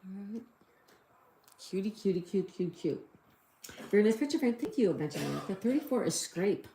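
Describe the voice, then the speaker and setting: A woman's voice: mid-range voice, sing-song, moderate pace, noisy background. Giggly chatty woman in an echoey room. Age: middle-aged. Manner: chatty, giggly, reads out chat messages. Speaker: livestream host. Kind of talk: casual livestream chat reading viewer comments.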